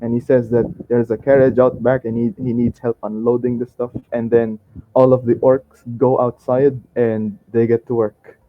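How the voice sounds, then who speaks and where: A man's voice: mid-range voice, little pitch movement, normal speed, dry recording, narrow, tinny audio. A man narrating a tabletop game as game master, rambling with many restarts and fillers.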